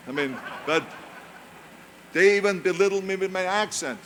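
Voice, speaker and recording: A man's voice: sits high, moderate pace, fairly bright tone, a little hiss or hum. An older man whose first language is German, giving a commencement speech with a German accent and emphatic, repetitive storytelling into a podium microphone. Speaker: commencement speaker. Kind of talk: motivational speech. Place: large graduation ceremony venue.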